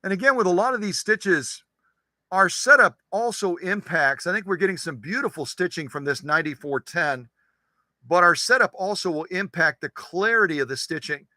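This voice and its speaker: High-pitched and bright, this man speaks at normal speed with a forceful tone, captured without echo. He hosts a sewing machine channel, showing stitches in his workshop and keeping up a chatty, joking patter, often talking to himself.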